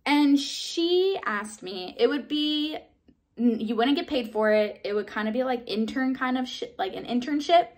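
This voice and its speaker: A young Southern California woman in her twenties, a vlogger, tells a casual story at a moderate pace. She's chatty, peppering her talk with "like" and mild swearing, and jumps into excited, high-pitched bursts when replaying her own reactions.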